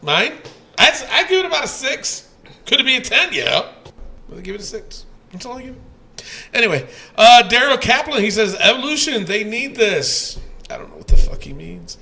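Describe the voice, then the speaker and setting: Man podcast host, high bright gravelly voice, loud and cussing, reads listener comments. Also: big pitch swings, moderate pace. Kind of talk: casual podcast chat.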